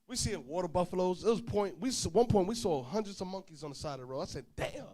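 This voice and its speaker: Male preacher, higher voice, lively storyteller who acts out the dialogue himself, informal sermon. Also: fast talker. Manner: animated storyteller, acts out dialogue, swings loud and soft.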